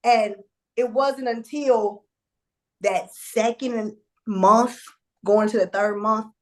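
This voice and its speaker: A woman guest telling a candid personal story in a conversational, animated way, with fillers and restarts. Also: fairly high pitch, takes it slowly.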